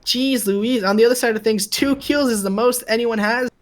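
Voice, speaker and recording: Laid-back young esports caster. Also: male voice, very high-pitched, normal speed. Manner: laid-back, chatty, greets chat viewers. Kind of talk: live esports commentary.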